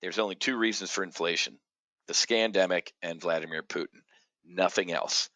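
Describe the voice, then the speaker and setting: A man hosting an opinionated market commentary show, blunt and combative, jumping from loud outbursts to low muttering. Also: moderate pace, no echo. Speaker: options trading show host.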